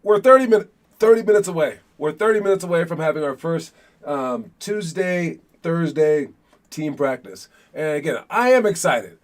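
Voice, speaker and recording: A man's voice: on the high side, animated, moderate pace. Rambling male basketball coach. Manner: rambling, repeats words, many fillers. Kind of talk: casual livestream talk.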